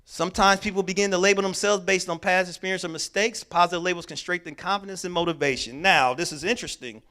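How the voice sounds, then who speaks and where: Here a man with a high voice talks quickly while leading a mental health workshop at a church. His stories come with strong emphasis, he acts out what people said, and he keeps hammering key words through repetition.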